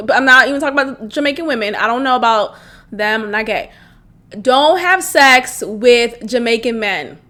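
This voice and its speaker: Woman, thirty, high voice, chatty comedy podcast host, laughs often. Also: bright, forceful tone. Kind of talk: casual comedic monologue.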